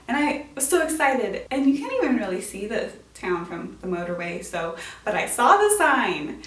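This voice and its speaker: A woman's voice: on the high side, big pitch swings, moderate pace, recorded from a distance. A woman hosting an educational show about classic literature, talking in a bubbly, playful way with casual slang. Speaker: host of a literature explainer show. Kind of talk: upbeat educational vlog talk. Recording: roomy sound, voice off-mic.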